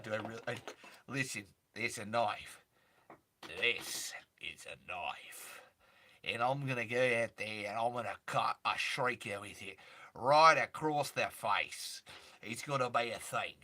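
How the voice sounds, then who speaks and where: A man putting on the voice of a tough outback monster hunter, boasting in a low, slow, swaggering growl. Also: sharp tone.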